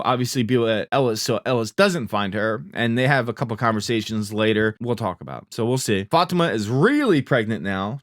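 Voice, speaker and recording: A man's voice: mid-range voice, no room sound, studio quality. A young man recapping TV episodes in casual chat, acting out the characters' lines as he retells scenes. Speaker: recap host.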